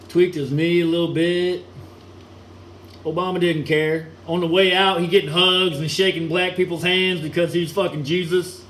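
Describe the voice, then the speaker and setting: A man's voice: on the high side, fairly bright tone. Man ranting crudely in an echoey room. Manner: crude, mocking, rambling, chuckles often. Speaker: solo ranting vlogger. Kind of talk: profane rambling rant. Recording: echoey room with air conditioning hum.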